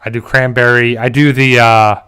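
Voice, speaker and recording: A man's voice: medium pitch, flat delivery, moderate pace, pushed and bright, clean tone. Chatty man hosting a casual livestream. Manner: rambling, joking, chuckles often. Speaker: channel host reading viewer chat.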